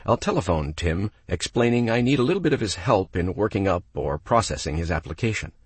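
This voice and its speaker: A man's voice: deep voice, very animated, brisk, husky, no room sound. A man, a property manager, giving step-by-step instructional narration and acting out phone calls with an applicant. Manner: coaching, step-by-step explanations.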